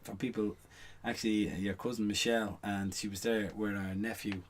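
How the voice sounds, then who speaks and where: A man's voice: on the low side, level tone, brisk, a little hiss or hum. A middle-aged man, a guest on a casual podcast, telling rambling anecdotes full of "you know what I mean" asides. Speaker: guest, stage performer.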